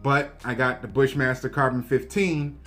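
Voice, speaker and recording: A man casually reviewing a handgun, talking straight to his viewers in a relaxed, slangy way. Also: medium pitch, moderate pace. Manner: laid-back, slangy, talks to viewers directly. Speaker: gun review vlogger. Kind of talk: casual show-and-tell review.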